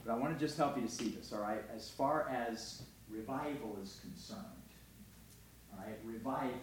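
A man preaching a sermon in a conversational way, often asking "all right?", moving between loud emphasis and quiet, close talk. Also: medium pitch, normal speed, slight background noise. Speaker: pastor.

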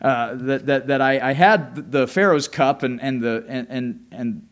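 A man's voice: medium pitch, close to an everyday voice. A man voicing a nervous male prisoner, a royal cupbearer, who stammers and halts. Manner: stammering, halting.

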